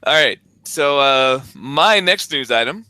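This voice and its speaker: Bright-voiced man chatting on a podcast. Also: medium pitch, slow pace, smooth, no echo. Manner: chatty, relaxed news-item presenter with fillers. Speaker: podcast co-host. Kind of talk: casual chat.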